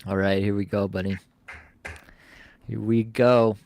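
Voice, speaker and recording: A man's voice: fairly low pitch, flat delivery, a little slow, gravelly, darkish tone, slight background noise. A man co-hosting a live stream, chatting casually and laughing often as he reacts. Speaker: co-host.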